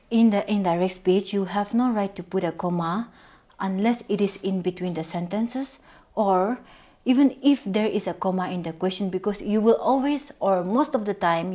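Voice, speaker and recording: Speaking in a warm, mid-range voice, a Naga English-accented woman delivers a recorded grammar lesson. She repeats words for emphasis and eases her pace over the examples.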